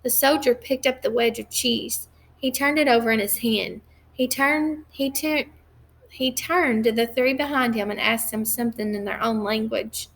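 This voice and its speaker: A woman reads a novel aloud at a measured pace, now and then stumbling and restarting a phrase. Her voice sits a little high and carries some gravelly fry. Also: fairly even intonation, a bit bright. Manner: measured, occasional slips and restarts. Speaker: reader.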